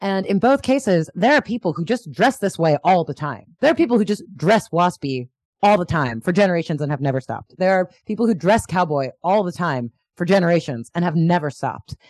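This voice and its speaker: Chatty woman, low voice, dry sound. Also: fairly quick, no echo. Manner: animated, lots of "like" fillers, bursts of excitement. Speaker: podcast guest. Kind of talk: casual chat.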